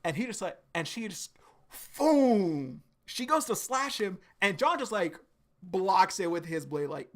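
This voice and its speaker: A man streaming a live reaction to a comic, excitable and profane, rambling with lots of fillers. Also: high-pitched, measured pace.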